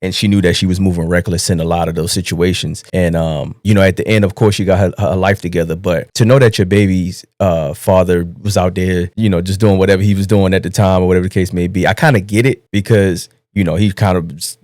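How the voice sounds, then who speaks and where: Host, very deep male voice, dry and close, hesitant, lots of "uh". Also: steady tone, a little fast, hardly any pauses, darkish tone, dry recording. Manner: reflective, hesitant, many fillers. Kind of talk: live show commentary.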